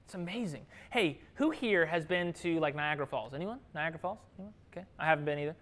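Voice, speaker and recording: A man preaching a sermon, lively and conversational, often asking the congregation questions and laughing easily. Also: a little high, fast.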